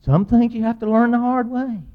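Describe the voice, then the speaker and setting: A man with a drawl spins a funny tale from his own life, his voice sitting high for a man. He acts out the voices of the people in it and lets out big yells at the exciting moments. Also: brisk, phone-quality sound. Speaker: storyteller. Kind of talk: humorous personal storytelling.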